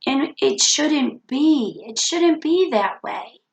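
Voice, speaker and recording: Woman w a cold giving a preachy self-help vlog talk, kinda high gravelly voice, echoey room. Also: animated, slow pace, muffled recording. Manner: earnest, preachy, repeats key phrases. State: has a cold. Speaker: vlogger.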